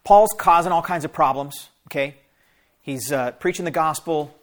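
A man's voice: on the high side, normal speed. Man preaching, reading scripture with asides. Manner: explains scripture in plain asides, addresses listeners directly. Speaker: pastor.

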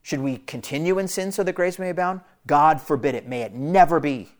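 Man, preacher, verse-by-verse sermon, emphatic, somewhat high voice, repeats phrases. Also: brisk, a little mellow. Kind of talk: expository sermon.

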